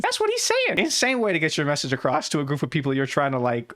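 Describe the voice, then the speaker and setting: A woman's voice: deep voice, huge pitch swings, fairly bright tone. A young woman giving casual reaction commentary, blunt and sarcastic, swearing freely and peppering her talk with "like.". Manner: frequent "like" fillers and quick laughs. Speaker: reaction YouTuber.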